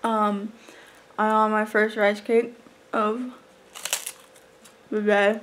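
A woman's voice: medium pitch, flat delivery, extremely slow. A woman vlogging casually to camera about her competition day, rambling with lots of fillers. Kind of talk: casual vlog talk to camera. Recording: noisy background.

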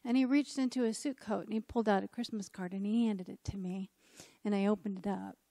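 A woman speaker at a church gathering, telling her personal faith testimony as a lively story and acting out the dialogue. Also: medium pitch, brisk, no room sound, clean studio sound. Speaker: conference speaker at a church event.

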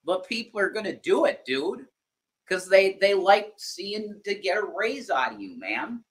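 A man co-hosting a live stream, defending himself in a heated back-and-forth. He swears easily and drops "dude" and "man" into his lines. He sounds exasperated rather than loud. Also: high voice, sing-song, a little slow. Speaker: streamer, co-host.

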